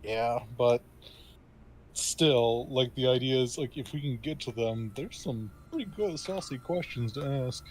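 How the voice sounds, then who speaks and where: A man playing a tabletop game, talking casually in halting bursts with many fillers. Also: mid-range voice, breathy edge, rough recording. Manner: halting, lots of fillers and restarts. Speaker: player.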